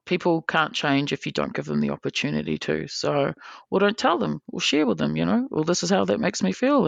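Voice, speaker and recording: Animated storytelling woman with a gravelly voice. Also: low voice, no room sound, muffled recording. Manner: animated, swearing freely, acting out quoted people. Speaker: podcast guest. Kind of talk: casual storytelling.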